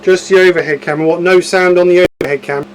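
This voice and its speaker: High-voiced chatty man hosting a livestream. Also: fairly even intonation, rapid-fire, clear, resonant tone, low-quality recording. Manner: chatty, self-deprecating, troubleshooting aloud. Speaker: woodturning livestream host. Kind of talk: casual livestream chat with viewers.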